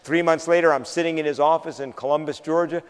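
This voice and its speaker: Man from the northern US, anecdotal keynote speaker with dry wit; slightly high, echoing hall. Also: steady tone, fast talker, clear, resonant tone. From northern United States. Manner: anecdotal, acts out dialogue with dry humor. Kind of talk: storytelling keynote.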